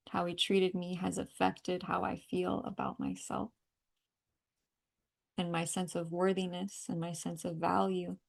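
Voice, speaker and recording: A woman leading a guided energy-healing call, calmly repeating affirmations and breathing cues. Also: lowish voice, a little slow, gravelly. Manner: calm, repetitive guiding with breathing cues. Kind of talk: guided tapping and affirmation session.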